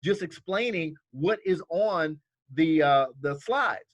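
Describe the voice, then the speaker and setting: A man's voice: a little high, lively intonation, slow pace, dry recording. Man coaching new recruits in a dry recording. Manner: coaching, repeats "okay?" and "all right?" often; acts out quoted dialogue in livelier voices. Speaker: team leader training new recruits. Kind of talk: casual training talk.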